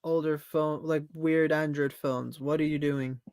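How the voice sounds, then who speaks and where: High-voiced dude, dry mic, ranting jokily about phones. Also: male voice, level tone, darkish tone, smooth, dry recording. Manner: opinionated, joking, quick asides. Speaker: guest. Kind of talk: casual tech chat.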